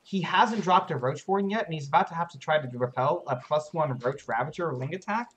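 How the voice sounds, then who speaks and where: An analytical esports caster breaking down a strategy game on a live stream, speaking at a mid-range pitch. Faint hiss sits under the home mic. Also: brisk, fairly bright tone. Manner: analytical, explains mechanics, fiddles with stream overlays.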